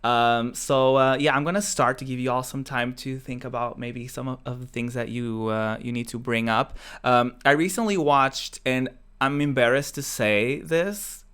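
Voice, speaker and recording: A young man from Portugal hosts a casual chat, speaking at an ordinary middle pitch. His voice is smooth and clear, and he rambles, with many fillers and restarted sentences. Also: fairly even intonation, moderate pace, few pauses, fairly bright tone. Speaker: podcast host.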